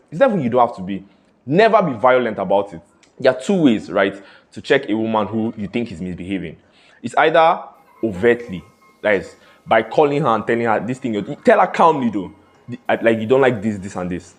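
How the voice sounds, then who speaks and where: A man's voice: mid-range voice, darkish tone. A young man with a Nigerian accent giving blunt dating advice in a casual monologue, switching between pidgin and English and often checking "you get?".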